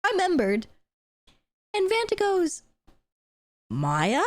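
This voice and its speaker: A young woman streams and chats, excitable and gushing, often breaking into laughter and swearing casually. Her voice sits high and swings widely in pitch. The sound is dry and close. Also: measured pace, dry recording. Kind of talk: casual live-stream chat.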